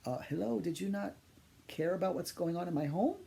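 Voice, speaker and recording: A man working as a psychic medium, telling funny personal stories in an animated, exaggerating way. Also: sits high, fairly quick, creaky. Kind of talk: humorous personal storytelling.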